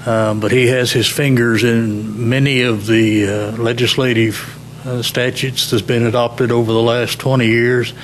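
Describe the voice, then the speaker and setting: A panel moderator introducing a speaker at a conference, reading with many hesitations. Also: male voice, medium pitch, measured pace, slight background noise. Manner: flat, reading, with many uhs. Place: conference hall.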